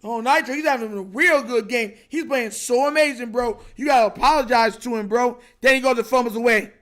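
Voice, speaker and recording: Young male streamer, very high pitch, frustrated slangy rant. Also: brisk, a bit bright. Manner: frustrated, repetitive, slangy, says bro constantly. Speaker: livestream host reacting to a football game. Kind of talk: casual livestream rant.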